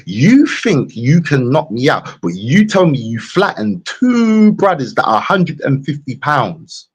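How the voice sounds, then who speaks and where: A husky-voiced man with a London accent rants on a live stream. His pitch swings widely, and he repeats his jabs over and over in a mocking way. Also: unhurried. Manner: mocking, repetitive, animated. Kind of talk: casual live-stream rant.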